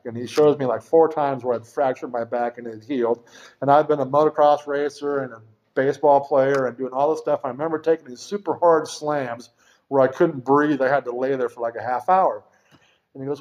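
A man's voice: medium pitch, steady tone, normal speed, a little mellow. A middle-aged man telling his own recovery story at a meeting, in a rambling, frank way with casual swearing. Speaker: speaker sharing a recovery story. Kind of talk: personal testimony at a recovery meeting. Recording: dull lo-fi recording.

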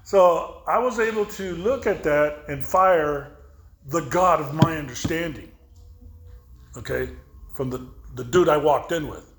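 A man giving personal testimony at a recovery meeting, telling his story with halting restarts, asides to the listeners, and acted-out dialogue. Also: on the high side, roomy sound, background noise. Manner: storytelling, acting out dialogue with others.

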